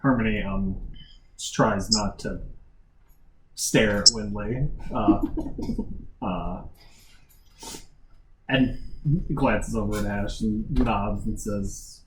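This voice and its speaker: Halting, low-voiced male player. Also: background noise. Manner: halting, with fillers. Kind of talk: describing his character's actions.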